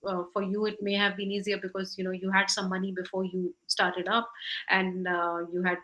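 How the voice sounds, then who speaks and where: A woman's voice: medium pitch, completely flat delivery, a little fast, pushed and bright, poor audio. A woman with an Indian English accent, moderating a webinar panel, rambling with many fillers as she frames her questions.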